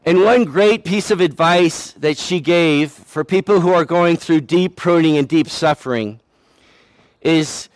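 A pastor with a fairly high-pitched voice delivers his sermon unhurriedly and conversationally, poking fun at himself and acting out the voices of people he quotes. The recording is dry and close, with almost no room sound.

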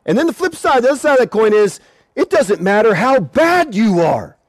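A male preacher giving an animated evangelistic sermon at an outdoor gathering, repeating words and shouting at times. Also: very high-pitched, moderate pace, no echo.

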